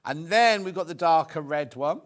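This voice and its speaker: A middle-aged man presents on live shopping TV in a voice that sits fairly high for a man, swinging his pitch up and down a lot. He speaks at a normal speed, expressive, chatty, and jokey, and tends to wander off into stories.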